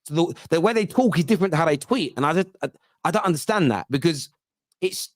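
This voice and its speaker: A man's voice: a little high, animated, quick pace, no echo, studio quality. A middle-aged man with a Cockney accent, chatting casually on a football podcast and telling stories with plenty of restarts. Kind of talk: casual chat.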